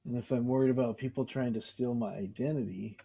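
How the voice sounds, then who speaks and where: A man's voice: medium pitch, steady tone, fast talker, creaky, dark tone, breathy edge. A man casually showing off his home recording gear in a rambling, easygoing way. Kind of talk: casual show-and-tell chat. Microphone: webcam.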